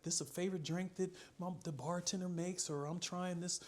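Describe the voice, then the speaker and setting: Man doing a chatty young woman, bar small talk, light, higher voice. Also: fairly even intonation, normal speed, natural voice.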